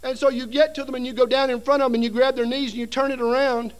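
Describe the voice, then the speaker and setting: High-voiced storytelling male preacher. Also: flat delivery, fast, clear, resonant tone. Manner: storytelling, acting out voices and sounds with humor. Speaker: seminary dean and preacher. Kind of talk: preaching a seminar sermon. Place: seminary hall before an audience.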